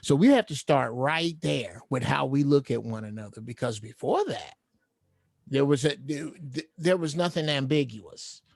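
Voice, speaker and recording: Gravelly man speaking slow and folksy. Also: mid-range voice, expressive, a little mellow, dry recording, studio quality. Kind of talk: casual chat.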